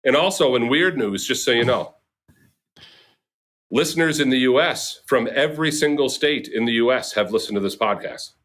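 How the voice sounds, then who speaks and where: A man hosting a casual comedy podcast with friends, animated and laughing as he talks. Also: mid-range voice, moderate pace. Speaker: podcast host.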